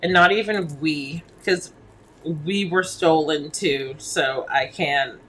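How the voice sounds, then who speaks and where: A man's voice: fairly high pitch, slow pace, sharp tone, a little hiss or hum, poor audio. A man from Massachusetts chatting casually, laid-back and slangy, swearing and laughing often. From Massachusetts, near Boston. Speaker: podcast co-host. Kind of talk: casual chat.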